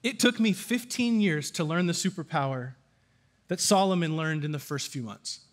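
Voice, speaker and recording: Middle-aged male preacher, high-pitched, animated delivery with questions to the congregation. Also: moderate pace. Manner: animated, asks the audience questions. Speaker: pastor. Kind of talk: sermon.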